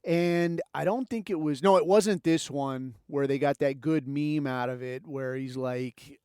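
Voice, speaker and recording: A man rambles through a profane, sarcastic podcast rant. His voice is smooth and fairly high and sits close and dry on the mic. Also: measured pace, few pauses, warm tone, dry recording. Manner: rambling, heavy swearing, sarcastic. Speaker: podcast host.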